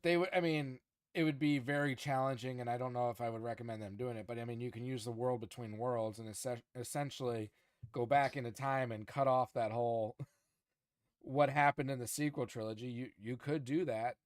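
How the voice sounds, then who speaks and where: Animated man co-hosting a podcast. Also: mid-range voice, fairly quick, no echo, clean studio sound. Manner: animated, frustrated, many restarts. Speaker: podcast co-host. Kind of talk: casual chat.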